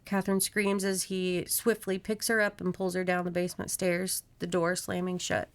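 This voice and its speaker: A woman podcast host reading a horror novel aloud in steady narration, with casual asides to her co-host. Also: fairly low pitch, normal speed.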